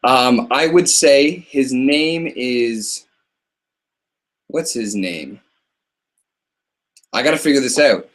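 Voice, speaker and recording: A man's voice: mid-range voice, slow pace, long pauses. A man hosting a live ask-me-anything stream in a rambling, chatty way, laughing often between answers. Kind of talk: casual live-stream chat.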